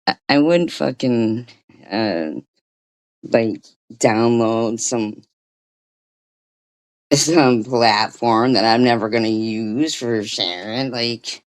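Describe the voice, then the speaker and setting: A woman hosting a livestream, ranting casually and profanely with frequent restarts. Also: extremely low pitch. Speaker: livestream host.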